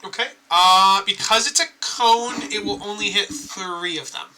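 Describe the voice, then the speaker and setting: A man running a tabletop game as dungeon master, laughing often and making quick rulings. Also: sits high, sharp tone.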